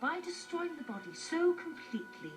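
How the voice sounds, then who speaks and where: A woman's voice: very high-pitched, sing-song, normal speed, over music. An actress playing a composed, clever reptilian lady detective who reasons in a cool, precise way. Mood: cool reasoning.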